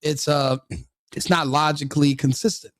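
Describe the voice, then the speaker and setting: A man's voice: on the high side, fairly even intonation, normal speed, no room sound, studio quality. A man hosting a live stream, giving opinionated commentary full of rhetorical questions and repeated restarts. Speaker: streamer host.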